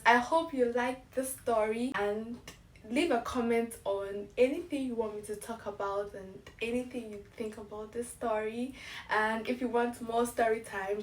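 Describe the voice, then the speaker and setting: A woman's voice: fairly high pitch, roomy sound, distant mic. A young woman in her twenties from Ghana, telling a casual story-time vlog and laughing as she acts out the emails she got. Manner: animated, laughing, acts out emails in bright voices. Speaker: vlogger.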